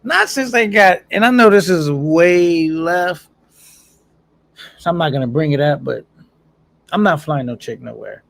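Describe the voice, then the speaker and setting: A man's voice: a little high, lively intonation, measured pace, creaky, pauses often, a bit bright. A man casually chatting on a live stream, reading viewer comments aloud in a laid-back, slangy way and laughing often.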